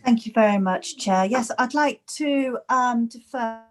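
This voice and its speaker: Woman, councillor, apologetic, high-pitched, video call. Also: a little slow. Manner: apologetic, softly flustered.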